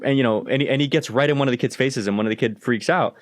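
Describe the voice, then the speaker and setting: A man hosting a casual podcast, telling dog-training stories in an animated, profane way and acting out the exchanges. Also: medium pitch, fast, hardly any pauses, dry recording, studio quality.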